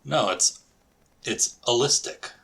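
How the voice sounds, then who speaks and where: A man's voice: medium pitch, takes it slowly, creaky, pushed and bright. A man co-hosting a podcast in casual chat, crude and joking, swearing freely. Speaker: podcast co-host and storyteller.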